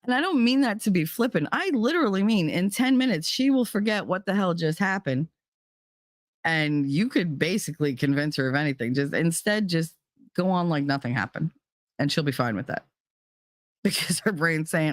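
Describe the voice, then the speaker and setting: Middle-aged New Jersey woman, podcast host; candid, animated, profane, dry close mic. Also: low-pitched, normal speed, no room sound. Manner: blunt, swears freely, animated. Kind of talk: casual candid talk.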